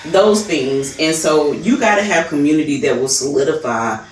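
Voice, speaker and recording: A woman's voice: low-pitched, moderate pace. A woman co-hosting a faith podcast, talking earnestly with lots of fillers and restarts. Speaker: podcast co-host. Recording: roomy, distant mic.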